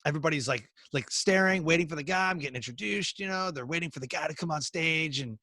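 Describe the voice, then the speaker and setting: An energetic man talks in a casual interview, telling stories and acting out what people said. His voice is bright and forceful, a little higher than most men's. The sound is close and dry. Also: quick pace, dry recording. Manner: energetic, storytelling, acts out quoted dialogue. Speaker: professional speaker and speaking coach.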